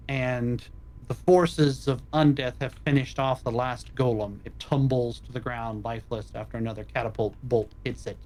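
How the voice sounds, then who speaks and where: A man narrating a tabletop role-playing game as dungeon master, calmly describing the scene over an online voice call. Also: medium pitch.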